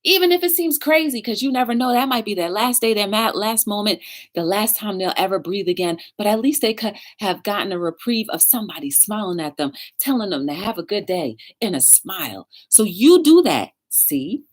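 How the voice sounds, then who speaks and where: A woman hosts a live-stream talk show, telling stories energetically and greeting chat viewers by name. Upbeat and encouraging, she speaks briskly in a mid-range voice with lively intonation.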